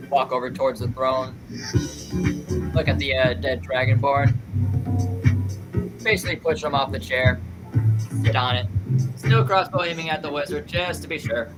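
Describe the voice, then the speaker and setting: Casual player man over loud music. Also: medium pitch, normal speed, pauses often. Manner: casual, swearing, describes actions. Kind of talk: tabletop game play.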